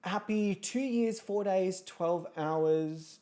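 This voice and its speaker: A woman hosting a game stream from home, chatty and excitable, swearing freely and chatting to her pets between rounds. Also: on the low side, normal speed. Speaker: host of an online reality show game stream. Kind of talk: casual livestream chat.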